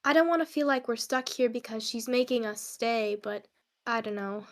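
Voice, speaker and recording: A woman's voice: fairly high pitch, normal speed. A woman playing a tabletop game, talking in character in a hesitant, thoughtful way. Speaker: player. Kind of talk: tabletop role-play in character.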